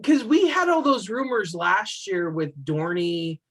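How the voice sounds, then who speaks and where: His high-pitched, sing-song voice keeps a measured pace as he co-hosts a casual podcast chat about roller coasters. He's enthusiastic and opinionated, using plenty of fillers like "um" and "like."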